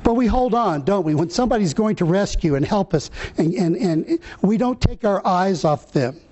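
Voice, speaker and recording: A man preaching a sermon, reading scripture slowly and earnestly, with some fillers and restarts. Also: sits high, animated, a little mellow, a little hiss or hum.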